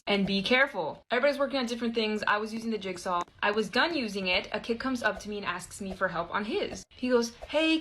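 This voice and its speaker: A woman in her early twenties telling personal stories in a chatty, expressive way, with quick asides to her viewers. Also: mid-range voice, low-quality recording. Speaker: storyteller. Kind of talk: casual storytime narration.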